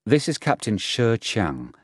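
A man's voice: lowish voice, wildly swooping pitch, a little slow, breathy edge, no echo, voice pushed up, heavily acted. A young, eager police officer, courteous and a bit apologetic, as a man reads him. Dry, close recording.

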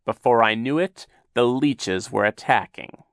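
A man's voice: mid-range voice, a little slow, dry recording, studio quality, close to an everyday voice. A man voicing a scheming male villain in disguise, smarmy and whiny. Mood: oily.

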